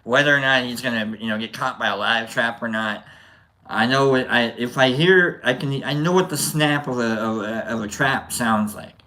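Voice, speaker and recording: Bright-voiced man telling a rambling story. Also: mid-range voice, moderate pace. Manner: animated, rambling with restarts. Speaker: livestream host. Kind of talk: casual storytelling to chat.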